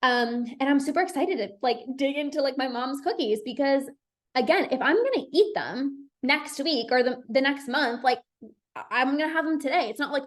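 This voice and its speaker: A woman's voice: high-pitched, animated, moderate pace. A young woman hosting a solo podcast as a binge eating coach, talking casually and reassuringly, with lots of "like". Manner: chatty, says "like" a lot, reassuring.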